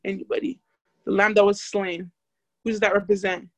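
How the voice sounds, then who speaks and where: A woman's voice: medium pitch, little pitch movement, normal speed, no echo. A young woman casually teaching a Bible study, chatty and full of fillers, asking the group questions.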